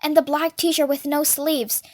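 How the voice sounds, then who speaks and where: A woman plays a frightened teenage boy who cries out urgently and desperately. The voice is high and strained. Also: flat delivery, a little slow, dry recording, studio quality. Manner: desperate shouting.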